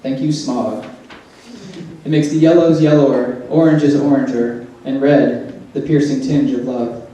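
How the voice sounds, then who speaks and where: A man's voice: medium pitch, steady tone, measured pace, dark tone. A man reading a humorous personal essay aloud, with wry, dry asides. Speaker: essay reader. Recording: echoey room, mic far off.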